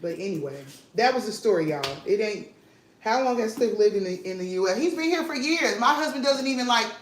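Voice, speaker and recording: A woman vlog host, telling an animated, emphatic story to her viewers and repeating lines for effect, at home in her kitchen. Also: on the high side, a little fast. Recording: roomy echo with faint noise.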